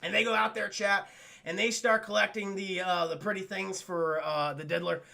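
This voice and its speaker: A man casually recapping a cartoon episode for his live chat, animated, profane and laughing often. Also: high voice, normal speed, creaky.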